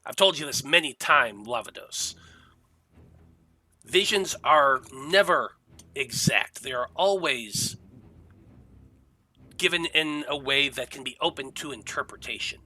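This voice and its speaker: A man voicing a male oracle who speaks in a formal, measured way as he explains himself. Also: medium pitch, lively intonation, bright, forceful tone, slightly rough, heavily acted. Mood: solemn. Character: solemn male oracle, rebel elder.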